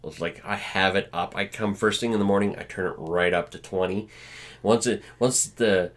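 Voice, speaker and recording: A man from Canada co-hosting a laid-back news chat in a lowish voice. He reads out stories dryly, with plenty of uhs along the way. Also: normal speed. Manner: relaxed, dry, reads out news items with fillers. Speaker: podcast co-host.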